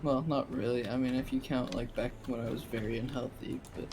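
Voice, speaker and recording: A man's voice: medium pitch, steady tone, fairly quick, darkish tone, a little hiss or hum. A man in casual gaming chat, talking about his game in a tired, self-deprecating way. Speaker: gaming streamer.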